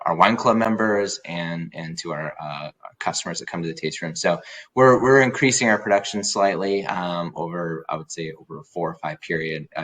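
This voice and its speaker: A man's voice: low voice, fairly bright tone. A man, a winemaker guest in a podcast interview, talking casually with many fillers and restarts.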